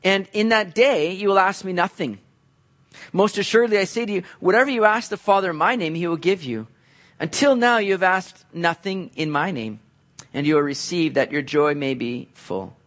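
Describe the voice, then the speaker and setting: A man's voice: high voice, normal speed, a bit bright. A man preaching a sermon as pastor, explaining scripture in a conversational way and acting out quoted voices.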